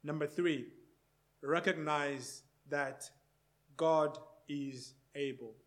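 A man preaching a sermon at a slow, deliberate pace, his voice sitting a little high for a man. He leans on repeated rhetorical questions, swelling loud for emphasis and then dropping to a hush. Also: fairly even intonation. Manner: slow, repetitive rhetorical questions, swinging between loud and hushed.

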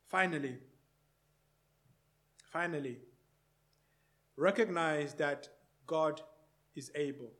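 Slow, earnest male preacher. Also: fairly high pitch. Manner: slow, repetitive rhetorical questions, swinging between loud and hushed. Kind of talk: sermon.

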